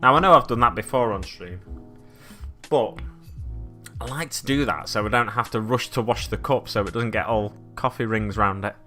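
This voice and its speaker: Bright-voiced chatty male streamer. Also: lowish voice, moderate pace, faint music behind. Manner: chatty, rambling, reads chat aloud and muses. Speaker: miniature-painting streamer. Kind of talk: casual live-stream chat. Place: home hobby desk.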